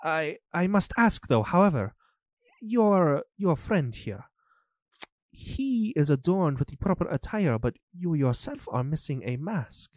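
A man voicing a fawning male estate steward who talks formally and quickly. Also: on the high side, sing-song, darkish tone, dry recording, voice pushed up. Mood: flustered. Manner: rapid, overly polite formal speech.

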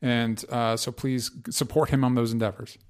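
A young man hosting a podcast, talking in an earnest, halting way with many restarts and fillers. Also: medium pitch, flat delivery. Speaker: podcast host. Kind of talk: casual podcast chat.

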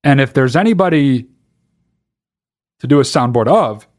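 A man's voice: mid-range voice, lively intonation, a little mellow. A man hosting a solo podcast, rambling in casual talk and swearing freely. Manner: rapid, profane, rambling. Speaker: podcast host.

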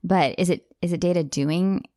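A woman co-hosting a casual podcast chat, animated and explaining speech by acting out voices. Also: on the low side, normal speed, no room sound, studio quality. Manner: animated, demonstrates accents and voices while explaining; chatty, with many restarts and fillers. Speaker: podcast co-host.

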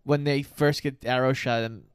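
A man's voice: mid-range voice, steady tone, moderate pace, smooth, no room sound, clean studio sound. A man co-hosting a podcast, recapping a movie in an easygoing, joking way. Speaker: podcast co-host. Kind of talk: casual movie recap chat.

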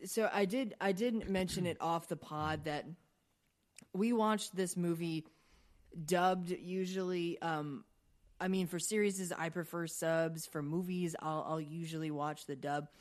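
A woman's voice: on the low side, steady tone, a little slow. A woman co-hosting a podcast in casual chat, rambling and profane with lots of fillers and restarts. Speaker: podcast co-host.

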